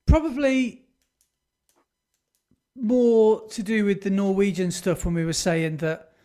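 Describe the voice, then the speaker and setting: A man's voice: sits high, steady tone, slow pace, dark tone. A man co-hosting a podcast in casual chat, rambling with restarts and dry jokes. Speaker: podcast co-host.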